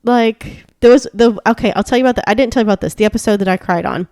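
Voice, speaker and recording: A woman's voice: on the high side, racing, mellow, dry recording, studio quality. A woman co-hosting a podcast in casual chat, gushing and rambling with lots of fillers. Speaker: podcast co-host.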